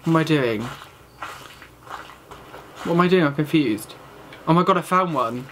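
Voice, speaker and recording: A man's voice: fairly high pitch, expressive, normal speed, a bit bright, slight background noise. A young man commenting on a horror game he is playing, jumpy and panicky, exclaiming and swearing often. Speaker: gaming channel host.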